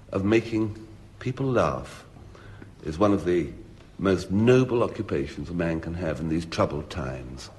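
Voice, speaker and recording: A man on an archival radio comedy panel, delivering a humorous talk on jokes in a lively anecdotal storytelling style. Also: low voice. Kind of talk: humorous lecture with told jokes. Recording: archival broadcast recording.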